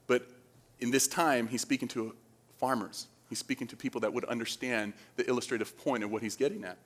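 Speaking briskly with a steady, fairly bright tone at medium pitch, a man from the Dominican Republic preaches informally. He checks in with the congregation throughout by posing questions.

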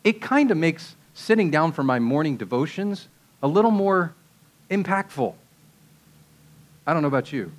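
A man preaching a sermon in a conversational way, asking rhetorical questions and dropping casual asides. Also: fairly high pitch.

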